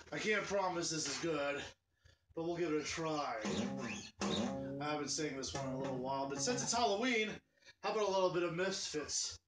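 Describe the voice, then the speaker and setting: A man's voice: a little high, expressive, a little slow, pauses often, reverberant, distant mic, loud music behind the voice. A man hosting a live stream with casual, joking, self-deprecating banter.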